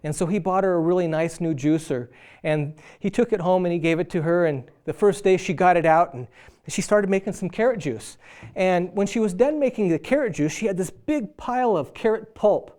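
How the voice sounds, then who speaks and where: A man's voice: high voice, fairly quick. A middle-aged man preaching a sermon on marriage, acting out quarrelling spouses as he tells stories. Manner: animated storyteller acting out both spouses.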